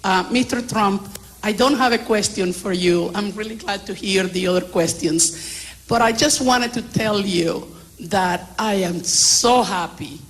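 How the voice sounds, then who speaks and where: A woman from Nicaragua with a Nicaraguan Spanish accent, speaking earnestly and warmly from the audience at a town hall. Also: mid-range voice, measured pace, slight background noise. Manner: earnest and heartfelt. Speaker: audience member.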